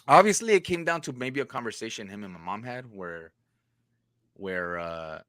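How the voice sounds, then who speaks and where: La guy telling stories, slangy and profane, bright voice, dry sound. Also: fairly low pitch, animated, normal speed, dry recording. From Los Angeles area. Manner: profane, laid-back slang. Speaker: podcast host. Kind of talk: casual storytelling.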